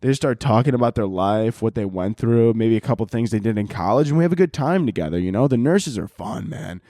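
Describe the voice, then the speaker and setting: A man's voice: mid-range voice, expressive, a little fast, warm tone, no room sound, studio quality. A man hosting a podcast, telling rambling, profane comic stories and laughing often. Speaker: podcast host. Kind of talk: casual comedic podcast monologue.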